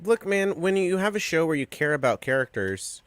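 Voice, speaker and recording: A man's voice: fairly high pitch, big pitch swings, normal speed, smooth, no echo. A man co-hosting a casual chat, joking and telling stories, swearing casually. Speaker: co-host.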